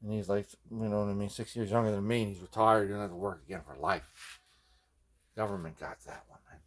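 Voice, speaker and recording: A man's voice: on the low side, quick pace, creaky, a bit bright. A man who builds guitars, casually telling long rambling stories, constantly checking in with his listener. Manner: rambling, digressive, constant "you know what I mean". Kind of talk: casual rambling storytelling vlog.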